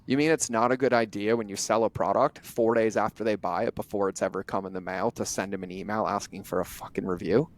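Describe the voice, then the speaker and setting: A middle-aged man, a podcast guest, telling stories in a blunt, animated way and acting out bits of dialogue as he goes. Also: fairly low pitch. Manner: animated, acts out imagined dialogue in quick bursts; blunt, drops the odd curse. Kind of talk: conversational interview storytelling.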